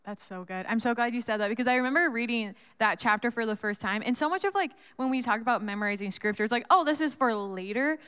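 A woman's voice: a little high, animated, fast talker, few pauses, fairly bright tone, clean tone. A woman interviewing a guest in casual, enthusiastic chat, with many "like"s. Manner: enthusiastic, lots of "like". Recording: long hall reverb.

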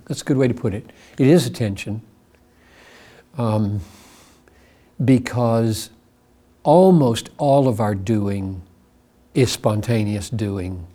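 Pastor type, male, unhurried and mellow-toned; earnest, emphatic delivery that jumps up in pitch on key points. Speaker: pastor answering a listener question. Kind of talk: reflective spoken answer.

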